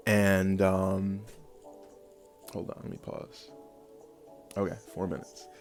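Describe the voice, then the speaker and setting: A man's voice: low voice, steady tone, takes it slowly, darkish tone, faint music behind. A young man telling a long personal story in a casual, rambling way, full of fillers and bursts of laughter. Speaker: vlogger.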